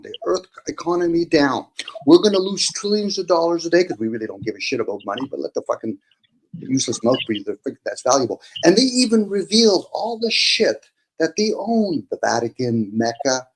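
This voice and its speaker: A man's voice: on the high side, sing-song, a little fast, poor audio. Blunt ranting man, faint hiss. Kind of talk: casual opinionated chat.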